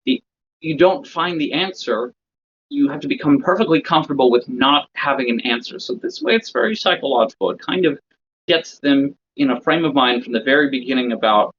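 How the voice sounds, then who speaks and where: A man's voice: mid-range voice, very animated, brisk, a bit bright. A man lecturing other magicians, explaining a routine step by step and checking in with listeners as he goes. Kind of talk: instructional lecture. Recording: slightly dull lo-fi recording.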